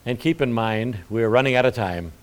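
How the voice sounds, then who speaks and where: A man's voice: mid-range voice, normal speed. A middle-aged male pastor preaching a sermon, with folksy asides between his points.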